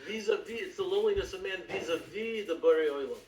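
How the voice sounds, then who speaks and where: A man in a class discussion, halting and searching for his words. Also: high voice, lively intonation, far from the mic, slight background noise. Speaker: class participant. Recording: dull, roomy, from off mic.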